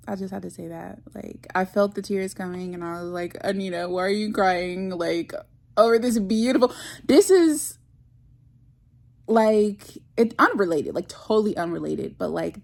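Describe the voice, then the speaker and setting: A book vlogger with a low-ish, gravelly voice chats casually about reading, gushing effusively and filling her speech with "like."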